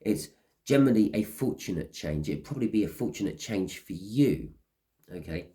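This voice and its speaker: A man talking through a tarot spread in a loose, rambling way, slipping into small acted-out scenes along the way. His voice sits on the low side. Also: animated, moderate pace, mellow. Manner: rambling, acts out little scenes. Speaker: tarot reader. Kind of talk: casual tarot reading monologue.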